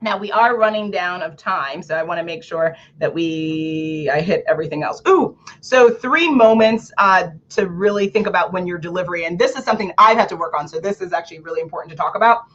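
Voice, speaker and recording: A woman's voice: fairly low pitch, brisk, hardly any pauses, lo-fi sound. A woman hosting an online book club, talking casually and energetically about public speaking, with lots of fillers and frequent laughter. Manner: lively, chatty, laughs often, many "like" fillers. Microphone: home computer or camera setup.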